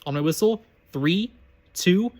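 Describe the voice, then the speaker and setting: Male reader voices a brisk, stern older woman instructor barking commands in a storybook reading. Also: high-pitched, expressive, darkish tone.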